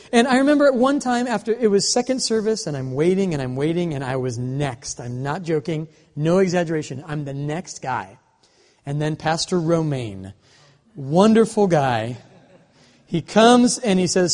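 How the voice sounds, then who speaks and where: A man in his forties preaching a sermon, telling a story in an animated, humorous way. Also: fairly high pitch. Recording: long reverb of a large hall.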